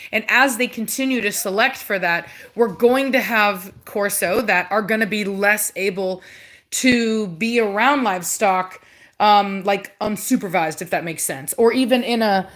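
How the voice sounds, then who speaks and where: A woman's voice: mid-range voice, unhurried, fairly bright tone. A woman breeding dogs, chatting casually on a livestream and teasing her puppies in a playful scolding way. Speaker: dog breeder hosting a livestream.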